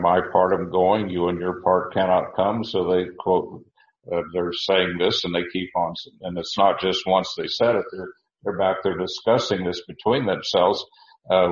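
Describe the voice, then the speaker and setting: A man teaching a verse-by-verse sermon, halting with many restarts and slowing to stress key words. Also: deep voice, roomy sound, muffled recording. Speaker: Bible teacher.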